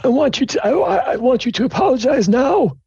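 A shrill, indignant university dean barks orders at unruly students, as a man puts him on for a tabletop game. The voice sits high and sharp, and the recording is dull and dry. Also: sing-song, a little fast, vocal fry, husky, dry recording, full character voice. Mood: stern. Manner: indignant, commanding. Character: stern pompous university dean, older man.

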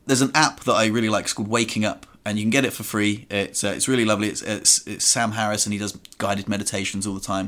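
A man's voice: medium pitch, a bit bright. Reflective man hosting a podcast. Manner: reflective storyteller. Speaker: podcast host. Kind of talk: casual conversation.

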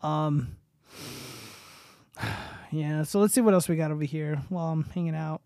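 A man's voice: fairly high pitch, steady tone, normal speed, warm tone, clean tone, dry recording, studio quality. Profane young man chatting on stream. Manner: loose and profane, reading tweets aloud with running comments. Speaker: streamer host. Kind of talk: casual livestream chat.

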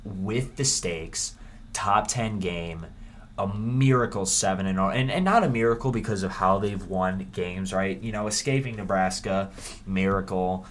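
A man hosting a casual sports preview, rambling and animated with frequent restarts. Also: low-pitched, unhurried, slight background noise. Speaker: sports podcast host.

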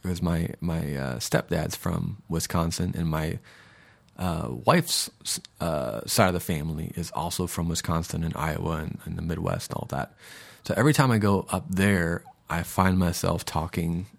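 A man's voice: low-pitched, fairly even intonation, normal speed, vocal fry. A man in his thirties hosting a casual podcast monologue, rambling and digressing with lots of fillers. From Florida, USA. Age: 30s. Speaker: podcast host.

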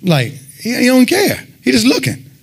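A man giving a fervent sermon and personal testimony, telling his story in an animated way and peppering it with "man.". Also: extremely high pitch, a little slow, husky. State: sweating, winded after worship. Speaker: lay preacher giving testimony.

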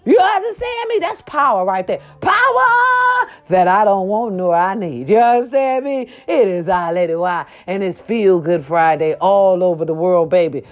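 A woman's voice: medium pitch, unhurried, hardly any pauses, muffled recording. Sassy woman host dishing gossip. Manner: sassy, animated, repeats catchphrases. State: sore throat. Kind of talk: casual celebrity gossip chat.

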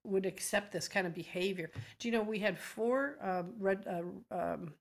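A woman's voice: mid-range voice, normal speed, creaky. A middle-aged woman from Georgia, an advocacy group founder and guest, telling emotional stories in an earnest, impassioned way. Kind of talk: emotional interview talk.

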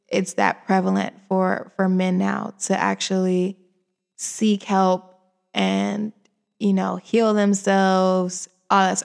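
A woman in her forties with a gravelly, fry-laced voice hosts a casual chat. She is sassy, animated and full of opinions. Her pitch sits in the middle of the range.

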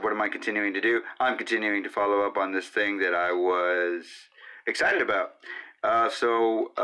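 A man chatting loosely on his own podcast, meandering from thought to thought with plenty of fillers and asides. His voice sits a little low but has a bright, forceful edge. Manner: rambling, with many fillers and asides to his cat. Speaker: podcast host. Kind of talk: casual solo podcast chat.

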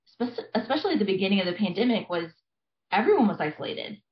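A woman's voice: medium pitch, very animated, quick pace. A woman family therapist talks through ideas earnestly, with frequent fillers. Her voice sits in a middle range and has a roomy echo. The recording is dull and lo-fi. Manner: earnest, explanatory, lots of fillers. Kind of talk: conversational interview. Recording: echoey, dull lo-fi sound.

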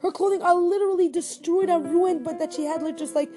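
A woman teacher telling a personal story in an animated, excitable way, often saying "like," with music playing underneath. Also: very high voice, fast talker. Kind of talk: storytelling monologue.

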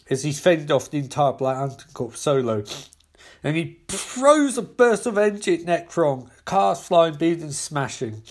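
A man reads a comic aloud in a casual, rambling way, tossing in swears and stumbling over names. His pitch is lively and swings freely as he talks. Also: a little slow. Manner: rambling, swearing, self-correcting. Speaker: comic reader.

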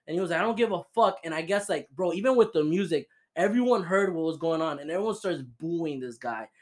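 Young male podcast host from Florida, a touch high-pitched, loose and profane storyteller. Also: animated, a little fast, a little mellow. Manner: swearing, laughing storyteller. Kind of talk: casual chat.

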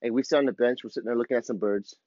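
A man's voice: mid-range voice, steady tone, very fast, mellow, no room sound. Man in his thirties, raw confessional tone, casual swearing, slightly dull dry recording. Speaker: father vlogger. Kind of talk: candid personal reflection.

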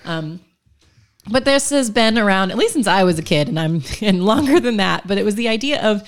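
A woman co-hosting a faith podcast, explaining ideas in a measured way. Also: mid-range voice, expressive. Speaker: podcast co-host. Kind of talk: casual chat.

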